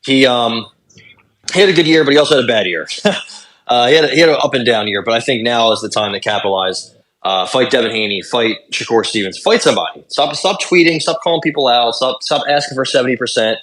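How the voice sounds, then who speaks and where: A young adult man co-hosting a podcast, recapping fights in casual chat, talking fast and swearing. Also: medium pitch, fairly bright tone. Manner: rapid, swearing fight recaps with lots of fillers. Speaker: podcast co-host.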